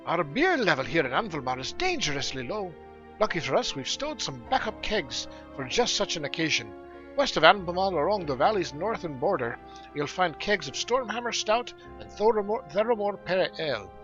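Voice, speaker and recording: A man's voice: high voice, sing-song, moderate pace, a bit bright, dull audio, soft background music, pitched above the performer's own voice. A man putting on a bluff dwarf quest-giver. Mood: grumpy. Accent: put-on fantasy dwarf brogue. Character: gruff male dwarf quest-givers of a mountain village. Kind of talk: reading game quest text aloud.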